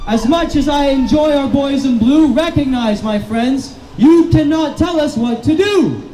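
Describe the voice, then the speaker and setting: High-voiced man declaiming at a rally. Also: unhurried, roomy sound, a little hiss or hum, poor audio. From Canada. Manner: declamatory, repetitive slogans, rising to shouts. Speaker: rally speaker. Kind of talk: impassioned outdoor rally speech. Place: street protest outdoors in the rain.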